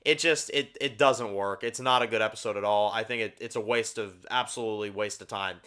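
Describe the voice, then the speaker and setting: A man's voice: fairly low pitch, steady tone, brisk, pushed and bright, smooth. A man hosting his own TV review channel, ranting bluntly about episodes with heavy swearing, lots of fillers and repeated words for emphasis. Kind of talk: casual ranked-review rant.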